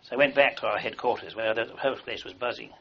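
An older army veteran recalls the war in an oral history, his mid-range voice moving fast as he rambles through long anecdotes full of fillers and restarts. The recording is dull and lo-fi.

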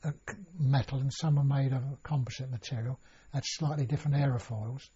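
A man's voice: medium pitch, fairly even intonation, a little fast, dark tone, slightly rough. An older man recalling his past in an oral history interview, rambling with many restarts and fillers. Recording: dull lo-fi recording.

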